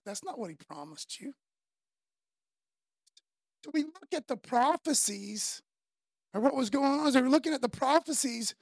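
A woman preaching a casual sermon, slangy and conversational, telling the story in an animated way. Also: high-pitched, creaky, dry recording, studio quality.

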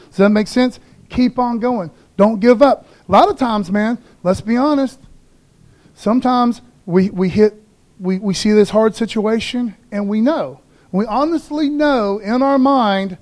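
A man with a high voice preaches to his church in a loose, conversational way. He throws in jokey asides and keeps saying "man" and "you know" as he talks to the congregation. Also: moderate pace, darkish tone. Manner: folksy, informal, says "man" and "you know" a lot. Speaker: pastor. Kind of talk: casual sermon. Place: church sanctuary.

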